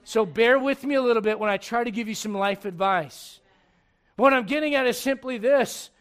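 A man preaching a sermon in church, humorous and animated, dropping to quiet asides and rising to shouts. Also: extremely high pitch, moderate pace, smooth. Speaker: pastor.

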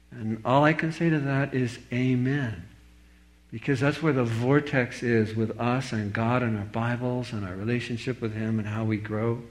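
A man preaching a sermon, moving from slow, deliberate scripture reading to animated storytelling. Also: mid-range voice. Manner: animated storytelling, voice rising sharply when quoting others; reads scripture slowly and deliberately. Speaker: pastor.

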